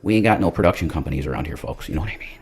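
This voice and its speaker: This self-proclaimed reverend has an extremely low, slightly rough voice that races along expressively. His livestreamed comic monologue is rambling and profane, lurching between shouting and muttering.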